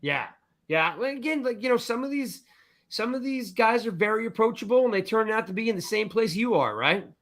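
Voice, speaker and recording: A man with a high, bright voice spins a long story on a casual sports chat show. He talks loosely and lively, tosses in "right?" again and again, and slips into quick impressions of the people in his tale. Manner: animated storyteller, acts out voices, repeats "I'm like" and "right?". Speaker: podcast co-host.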